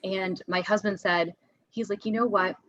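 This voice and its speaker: A woman's voice: medium pitch, fairly even intonation, normal speed, a bit bright, no room sound. Woman teacher chatting on a podcast, candid, laughs a lot, dull dry sound. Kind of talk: conversational podcast interview.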